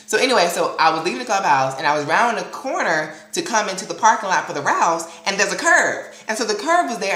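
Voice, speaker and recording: A man vlogging to his viewers, telling a story in an animated, dramatic and sassy way. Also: high voice, echoey room. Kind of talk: casual storytelling vlog.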